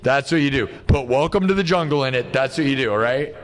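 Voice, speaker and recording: Talking quickly and expressively in a mid-range voice, a man hosting a live stream rants with exasperation in a casual way. His speech is full of "dude" and "bro."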